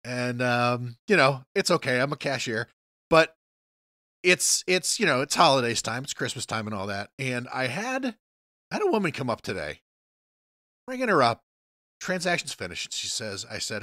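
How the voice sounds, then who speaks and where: Male podcast co-host, casual profane storyteller, bright dry delivery. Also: mid-range voice, sing-song, no echo. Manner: rambling, profane, halting restarts. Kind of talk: casual chat.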